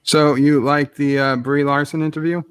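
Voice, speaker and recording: A man's voice: fairly high pitch, flat delivery, normal speed, a bit bright, clean tone, no room sound. A man hosting a casual livestream chat, easygoing, reading viewer comments aloud. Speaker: livestream host.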